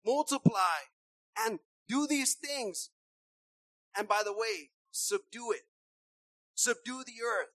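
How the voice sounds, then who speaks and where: A woman preacher delivering a passionate sermon, repeating herself and swinging from soft asides to shouts. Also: fairly high pitch, slow pace, pauses often, no room sound, rough recording.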